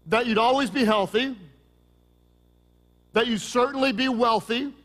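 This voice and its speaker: A middle-aged man preaching a sermon as pastor, joking and lively, with sudden loud peaks. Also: very high-pitched.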